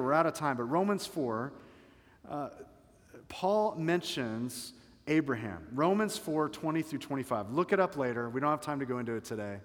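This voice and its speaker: A man's voice: fairly high pitch, expressive, normal speed, big-room sound. A male pastor preaching a sermon, telling a story dramatically and swelling and dropping his volume for emphasis.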